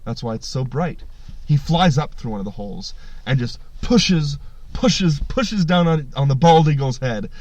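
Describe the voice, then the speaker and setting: A man's voice: medium pitch, moderate pace, no room sound. A man hosting a podcast, telling a story in casual chat with lots of swearing. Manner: animated, swearing, jumps into voices. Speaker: podcast host.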